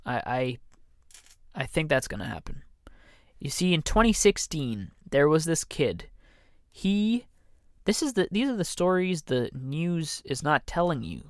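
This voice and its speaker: Slow-talking man rambling on a podcast. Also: a little high, dry recording, clean studio sound. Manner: joking, self-interrupting, slips into mock voices. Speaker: podcast host. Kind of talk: rambling comedic monologue.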